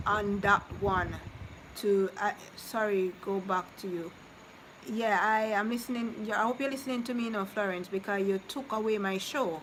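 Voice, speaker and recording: Woman streamer, mid-pitched, chatty and consoling, noisy background, live vlog. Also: a bit bright. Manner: chatty, consoling then teasing, drifts between topics. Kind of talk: casual live-stream chat with viewers. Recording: noticeable background noise.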